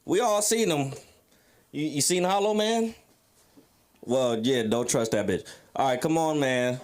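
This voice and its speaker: A man's voice: medium pitch, animated, unhurried. A drunk man doing a crude, rambling open mic stand-up set on a comedy club stage, roasting the crowd. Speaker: stand-up comic.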